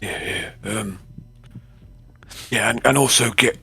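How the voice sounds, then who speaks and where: Man, player, low gravelly voice, hesitant, rambling, casual. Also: slow pace, pushed and bright, slight background noise. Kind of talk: casual tabletop game chat.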